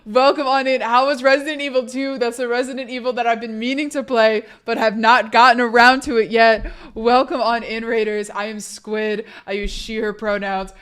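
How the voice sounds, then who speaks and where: Hoarse sick young woman streamer. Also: a little high, steady tone, moderate pace, few pauses. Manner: candid, profane, rambling; bursts loud greeting raiders. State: sick, laryngitis. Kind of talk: casual live-stream chat.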